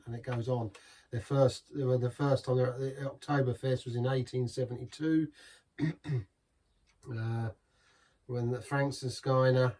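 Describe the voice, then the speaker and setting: An English man talks through a beer review in a loose, rambling way, drifting off topic and chuckling at his own asides. His voice sits at an ordinary middle pitch, picked up from a little way off the microphone. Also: darkish tone, far from the mic. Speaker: beer reviewer, channel host.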